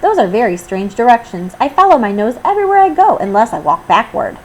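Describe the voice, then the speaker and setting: A chirpy, earnest young maid from a storybook, as a woman reading aloud puts her on, her voice jumping high with every wide-eyed line. She swoops up and down with eager, innocent cheer, over a faint background hiss. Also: big pitch swings, fairly quick, poor audio.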